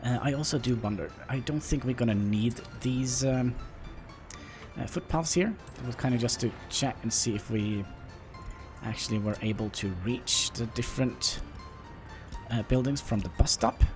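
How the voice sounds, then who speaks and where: A man from Norway with a Norwegian accent, chatting with viewers while playing a game, halting and self-deprecating. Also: mid-range voice. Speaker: livestreamer. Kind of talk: casual gameplay livestream commentary. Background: faint background music.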